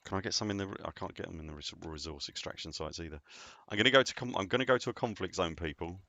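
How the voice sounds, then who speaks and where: A man's voice: sits low, fast, sharp tone, no room sound. A man casually chatting while live-streaming a game, rambling and answering viewers as he plays.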